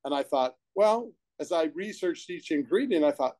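An enthusiastic man rambles through his story as an interview guest, full of restarts and asides. His voice is fairly high and has a mellow tone. The sound is close and dry, with little room echo. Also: lively intonation, normal speed. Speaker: supplement company founder, guest. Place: his own room at home.

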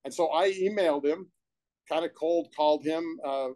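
An enthusiastic man rambles through his story as an interview guest, full of restarts and asides. His voice is fairly high and has a mellow tone. The sound is close and dry, with little room echo. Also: normal speed. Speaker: supplement company founder, guest. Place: his own room at home.

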